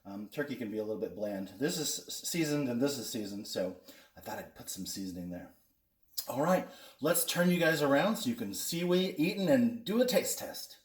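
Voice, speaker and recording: A man's voice: mid-range voice, expressive, moderate pace. Chatty man reviewing snacks in an echoey room. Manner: chatty, talks with mouth full while eating. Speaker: host of a food taste-test vlog. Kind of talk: casual food review vlog. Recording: echoey room, mic at a distance.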